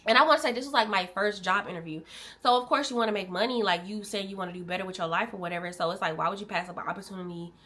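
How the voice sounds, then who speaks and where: A young adult woman from Illinois, a vlogger, shares a heartfelt personal story with viewers, candid and emotional. Her medium-pitched voice comes rapid-fire, swinging between animated bursts and quiet, soft-spoken moments.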